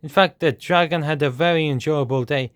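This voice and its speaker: A man reading a children's storybook aloud at a steady, measured pace. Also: fairly high pitch, smooth, no room sound, clean studio sound.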